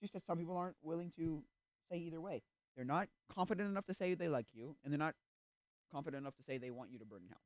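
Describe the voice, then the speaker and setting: A male streamer in casual chat, rambling with restarts and acting out little quoted exchanges, sometimes breaking into loud rants. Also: a little high, fast, no echo. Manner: gets loud and ranting.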